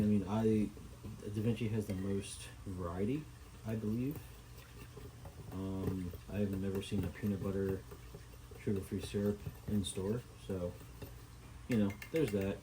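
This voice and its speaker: Relaxed low-voiced man vlogging casually. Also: a little hiss or hum, low-quality recording. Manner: rambling, many fillers and asides. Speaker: bodybuilder vlogger. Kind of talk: casual vlog narration while cooking.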